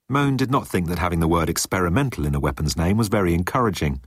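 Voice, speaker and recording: A man reading a story aloud as narrator, in a lively storytelling way. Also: sits low, fast talker, few pauses, slightly rough, no room sound, studio quality. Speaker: audiobook narrator. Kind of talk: scripted narration.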